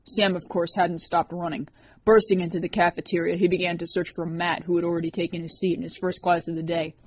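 A woman's voice: lowish voice, level tone, brisk, breathy edge, no echo. A woman narrating an audiobook chapter, reading the characters with their own voices. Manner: reads characters with distinct voices.

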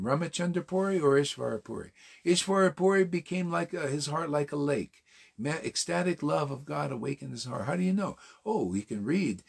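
A man's voice: sits high, gravelly, breathy edge. A man giving an informal morning class sermon, casual and emphatic, full of rhetorical questions and slang. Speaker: spiritual teacher.

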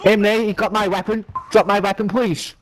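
A man with a Scouse accent on in-game voice chat, excitable and repeating himself. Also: high-pitched, brisk, a little hiss or hum. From Liverpool, England. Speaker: other player on voice chat. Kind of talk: gaming chat over voice comms.

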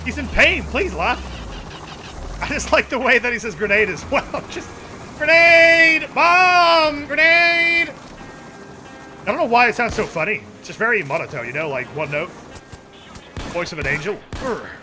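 Goofy, excitable young man streaming. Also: high-pitched, a little fast. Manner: goofy and excitable, with sudden yells. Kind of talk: casual gaming commentary. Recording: game music playing behind.

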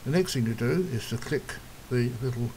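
A man with a mid-range voice talks a viewer through a software task one step at a time. His delivery is plain and unhurried, with the odd throat-clear. A faint hiss sits under the recording. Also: mid-range voice, poor audio. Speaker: software tutorial presenter. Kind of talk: step-by-step screen tutorial.

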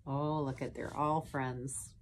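A woman's voice: very deep voice, flat delivery, slow, slight background noise. A woman hosting a children's story time, reading a picture book aloud with chatty asides to young viewers. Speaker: storyteller host.

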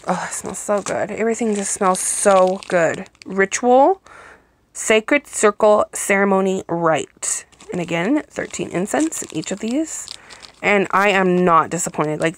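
A woman talks at an unhurried, drawn-out pace into a handheld phone at home. She gushes over what she unpacks and breaks off for small apologies, in an easy, chatty way. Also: on the low side. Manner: gushing, slow and chatty, apologetic asides. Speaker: vlogger reviewing products. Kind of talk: casual unboxing chat. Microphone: phone held in hand, then set down.

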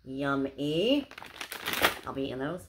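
A woman's voice: rumbling low, very animated, takes it slowly, background noise. A young woman chatting casually to camera as she unboxes gifts, gushing and bubbly, with lots of "like"s. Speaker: unboxing vlogger.

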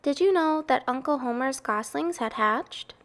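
A woman's voice: high-pitched, animated, normal speed, pitched above the performer's own voice. A woman voicing an eager young farm girl in a storybook read-aloud, chatty as she tells her news.

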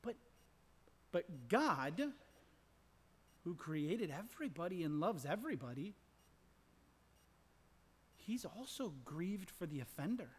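A middle-aged man preaching a sermon as pastor, impassioned, repeating phrases, swinging from loud emphasis to hushed whispers. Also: high voice, very animated, takes it slowly, long pauses, slightly rough. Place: large church sanctuary. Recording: long church reverb.

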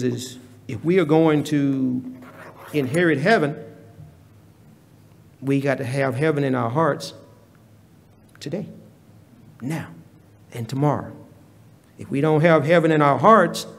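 A man preaching a sermon in a church, leading a prayer and telling stories in a slow, deliberate manner. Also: mid-range voice, gravelly. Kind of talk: sermon with hymn singing and prayer. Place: church sanctuary. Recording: reverberant church hall.

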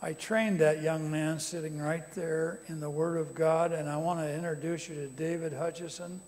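A man preaching to a congregation, animated and rising to loud emphatic calls. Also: a little high, normal speed. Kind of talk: sermon to a congregation. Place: conference center hall. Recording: long reverb of a large hall.

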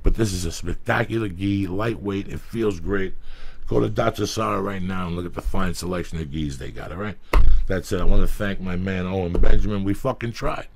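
Gravelly, profane podcast host man. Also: deep voice, fairly quick. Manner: loud, emphatic, swears freely. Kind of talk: profane, rambling ad reads.

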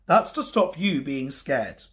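A man voicing a big, patient, caring father bear in a storybook reading, speaking gently and soothingly. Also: on the high side, very animated, slow pace, exaggerated voice.

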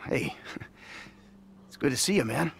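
A man's voice: medium pitch, sing-song, a little slow, creaky, slight background noise. An actor playing a bitter, weary middle-aged ex-criminal and father in a video game cutscene, sardonic and profane. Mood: awkward.

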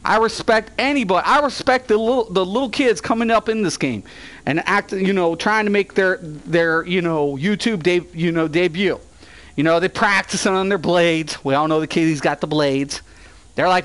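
Gaming host, male, raised pitch, profane trash-talking rant over live play. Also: normal speed, fairly bright tone. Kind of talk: live gameplay commentary.

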